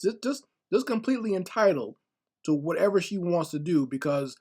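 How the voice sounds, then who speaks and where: A man talks over a clip in casual reaction commentary. His voice sits a little high for a man. He is sarcastic, stacks rhetorical questions and stumbles over repeated words. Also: lively intonation, normal speed, darkish tone, slightly rough.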